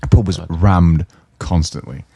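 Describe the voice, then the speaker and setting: A deep, mellow-voiced man chats fast and loosely on a podcast. He rambles through anecdotes and acts out the people he talks about. The sound is dry and close. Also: husky, no room sound. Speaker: podcast co-host. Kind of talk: casual chat. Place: indoor podcast studio.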